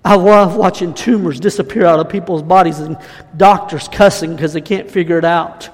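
Male preacher, fervent storytelling and declarations, raspy edge, reverberant hall. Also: sits high, steady tone, normal speed. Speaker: guest preacher. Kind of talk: sermon and prophetic declaration.

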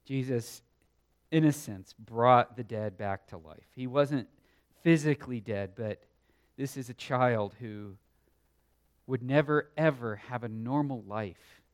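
Brief: unhurried male Sunday school teacher, earnest, emphatic, swings from loud to hushed. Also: medium pitch. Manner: earnest, emphatic, swells loud then drops quiet; thinks aloud with small restarts. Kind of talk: Bible lesson teaching.

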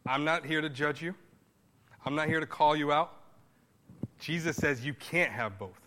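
Guy pastor preaching, bright kinda high-ish voice, chatty then punchy, big church echo. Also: normal speed. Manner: conversational preaching, rising to emphatic bursts. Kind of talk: sermon.

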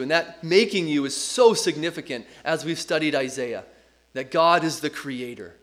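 A man's voice: on the high side, normal speed, sharp tone. A middle-aged man preaching a sermon as pastor, earnest and emphatic, leaning on repetition.

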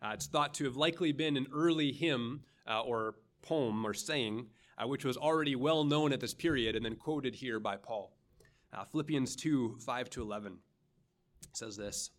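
A man preaching a sermon as pastor, earnest and dramatic, pausing often and checking in with the congregation with a quick "right?". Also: mid-range voice. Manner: earnest, dramatic, with pauses and rising emphasis; frequent "right?" asides to the congregation.

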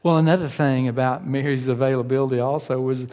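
A man's voice: medium pitch, fairly even intonation, fast, darkish tone, in a large hall. A man preaching a sermon in a conversational way, asking his listeners questions and acting out their inner voices.

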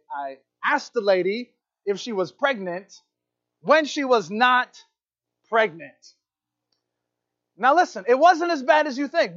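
A man with a high voice delivers a sermon, telling personal stories with lively energy and acting out the people in them. The recording sounds slightly dull and muffled. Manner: animated storytelling, acting out quoted voices. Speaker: pastor.

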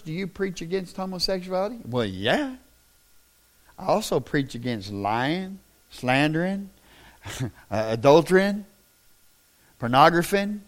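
A middle-aged man preaching a sermon in a folksy, plain-spoken way that swells into loud, impassioned shouting. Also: mid-range voice. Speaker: pastor.

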